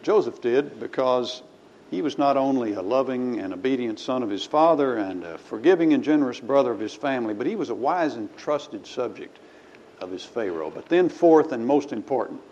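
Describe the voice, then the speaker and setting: A man's voice: medium pitch, lively intonation, normal speed, mellow, a little hiss or hum. A man preaching a sermon in a church. He talks in a folksy way and reads scripture aloud with rising emphasis. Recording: slightly dull recording with faint ambience.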